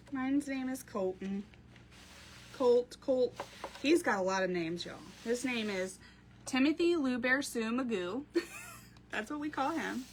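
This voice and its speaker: A woman's voice: a little high, very animated, slow, pauses often, a little hiss or hum. Chatty woman on a craft live stream. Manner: chatty storyteller, laughs often, answers viewer comments. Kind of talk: casual live-stream chat.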